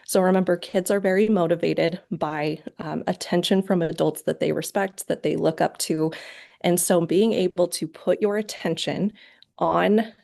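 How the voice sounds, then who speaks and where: Gravelly low-voiced woman presenting a lecture. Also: warm tone. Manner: clear, instructive, acts out short parent and child quotes. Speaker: parent training presenter. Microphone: video call.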